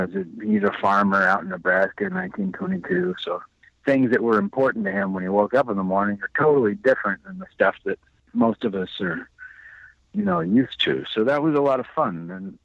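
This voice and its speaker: A man's voice: on the low side, gravelly, fairly bright tone, no echo. A middle-aged man, the actor guest in an interview, talking in a thoughtful, rambling way with restarts. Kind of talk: interview conversation. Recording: slightly muffled dry sound.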